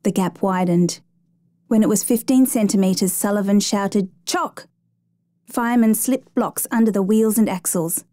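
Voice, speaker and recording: The narrator is a woman relating an actual rescue story steadily and with measured care. Her voice is warm, mellow and in the middle range, heard close and dry without any room sound.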